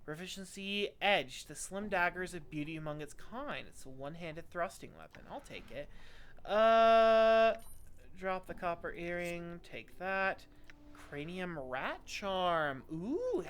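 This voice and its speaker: A woman gives relaxed commentary while playing, muttering through menus and loot. Her voice sits on the low side with a bright, crisp edge. She talks in a loose, offhand way. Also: unhurried, a little hiss or hum. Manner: chatty, thinks out loud, reads item names. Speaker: streamer. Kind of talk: casual gaming commentary.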